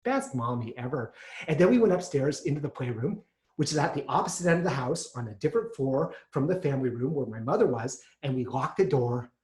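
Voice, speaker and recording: Guy doing a solo storytelling show, animated and expressive, mid pitch, roomy echo. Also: fairly quick. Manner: animated, lively pitch swings, acting out scenes. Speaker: solo performer. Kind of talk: autobiographical storytelling monologue.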